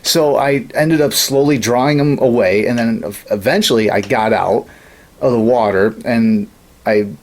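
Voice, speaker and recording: A man's voice: medium pitch, normal speed, a little mellow. A man in casual studio chat, telling long gaming stories with lots of swearing and laughter. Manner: rambling storyteller, swears often, laughs at his own stories. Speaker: podcast co-host.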